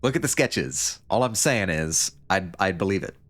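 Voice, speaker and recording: A man's voice: deep voice, lively intonation, normal speed, fairly bright tone. A man livestreaming a story game, reading it aloud and joking along in a rambling, casual way. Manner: joking, rambling, with frequent laughs. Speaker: streamer.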